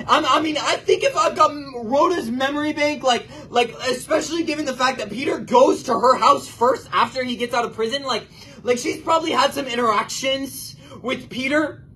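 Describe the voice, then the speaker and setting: A high-pitched man delivers an impassioned sermon, earnest and prayerful in tone. His delivery swings between loud, urgent bursts and hushed, almost whispered passages. A faint hiss of noise sits under the voice. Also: poor audio. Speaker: preacher.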